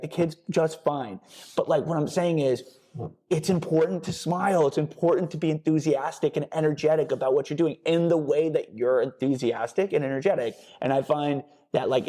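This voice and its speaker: A man in his thirties talks through a fitness podcast in a blunt, fired-up way, swearing often and hammering points by repetition. His voice sits a little high yet sounds mellow and relaxed. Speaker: podcast host and personal trainer. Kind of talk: casual motivational podcast talk.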